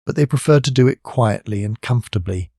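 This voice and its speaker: A man narrating a classic storybook in a steady, measured reading on a close studio mic. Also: mid-range voice, creaky, no room sound. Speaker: audiobook narrator.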